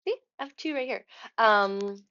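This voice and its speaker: A young woman vlogging, telling a story in a chatty, animated way and acting out the dialogue. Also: mid-range voice, measured pace, lo-fi sound. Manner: chatty, animated retelling with quoted dialogue and laughs. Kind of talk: casual storytelling vlog.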